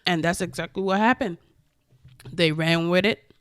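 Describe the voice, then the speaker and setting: A woman vlogger giving casual opinion commentary, animated and profane, with emphatic outbursts. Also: fairly low pitch, moderate pace, smooth, no echo, clean studio sound.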